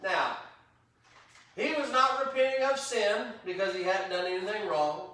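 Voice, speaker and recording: Guy preaching a bible lesson, high bright voice, super echoey hall, mic kinda far. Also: normal speed. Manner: animated, acts out God's angry voice, rising to shouts. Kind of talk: interactive Bible teaching sermon. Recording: roomy echo, voice from a distance.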